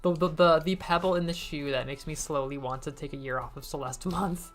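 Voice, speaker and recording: Playing a game with soft music in the background, a woman streamer gives casual let's-play commentary in a low-pitched voice at a slightly fast pace. She's chatty and self-mocking, with giggly asides.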